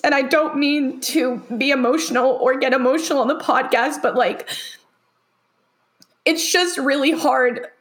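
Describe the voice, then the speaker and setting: A young woman with a high voice speaks on a podcast in an earnest, heartfelt way. She leans on "like" again and again as she works through her thoughts. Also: fairly even intonation, unhurried. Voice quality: earnest, heavy use of "like" as filler. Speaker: podcast co-host. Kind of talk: emotional personal podcast talk.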